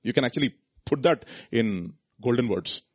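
Animated, husky preacher man. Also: moderate pace. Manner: animated, swinging from loud high emphasis to soft low asides, rhetorical questions. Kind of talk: sermon.

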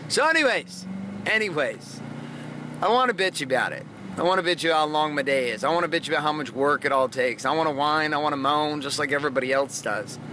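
A man's voice: fairly high pitch, a little fast, noisy background. A man hosting a motivational podcast, talking bluntly and profanely in a fired-up monologue. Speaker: podcast host.

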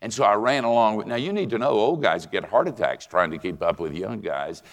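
An older man preaching a sermon and telling a story in an animated, conversational way. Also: lowish voice. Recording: reverberant hall.

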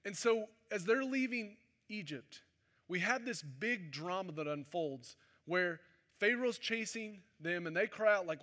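A man with a high, ringing voice preaches a sermon during a church service. His delivery stays bright and forward, and he speaks like he is chatting and joking with the congregation. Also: lively intonation, a little slow. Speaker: pastor.

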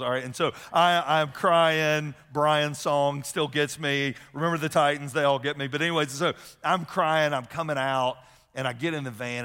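Middle-aged man, pastor in mid-sermon, emphatic storyteller, mid-pitched voice, long church reverb. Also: a bit bright. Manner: emphatic, repeats key phrases, tells personal stories. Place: large church sanctuary. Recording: long hall reverb from sanctuary.

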